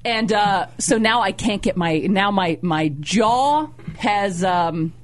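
A woman co-host telling a funny personal story in casual chat, acting out her own panicked voice with high squeals. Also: takes it slowly. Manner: animated, squeals in high pitch when acting out pain. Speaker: radio show co-host.

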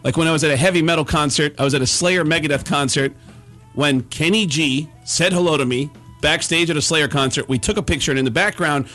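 A man, a comedian guest, telling a story in animated bursts, stammering and laughing as he goes. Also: a little high, brisk, faint music behind. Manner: animated, stammering restarts, laughs through lines. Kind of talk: comic storytelling.

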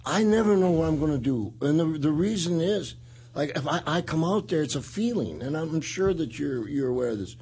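A man's voice: a little high, animated, fairly quick, darkish tone, slightly rough. A man hosting a casual talk show, telling rambling stories and laughing often. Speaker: podcast host and retired wrestler. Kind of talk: casual chat.

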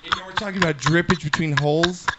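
A man's voice: fairly high pitch, steady tone, fast, lo-fi sound, heavy background noise. A man co-hosting a sports radio show, joking loosely and laughing between topics. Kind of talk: casual sports radio banter.

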